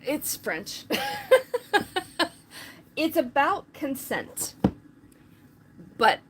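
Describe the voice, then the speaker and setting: A woman's voice: high-pitched, sing-song, extremely slow, a little hiss or hum. A woman chatting casually on a live stream, rambling with lots of filler words.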